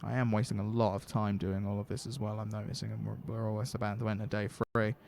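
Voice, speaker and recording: A man's voice: lowish voice, level tone, fast, gravelly, a little mellow, a little hiss or hum. A man hosting a game stream, reading the game's story text aloud and thinking aloud in casual asides. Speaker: streamer host.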